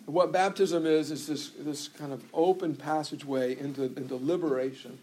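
Conversational pastor, slightly high voice. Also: male voice, fairly even intonation, moderate pace, a little mellow. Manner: conversational, with frequent restarts and asides. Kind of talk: sermon.

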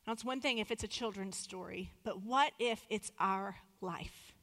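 A woman in her thirties delivers a sermon with earnest, measured phrasing, slowing on the words she wants to land. Her voice sits at an ordinary middle pitch. The recording carries a long reverb, as if in a large sanctuary. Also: a bit bright. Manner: earnest, measured, slows for emphasis. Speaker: preacher.

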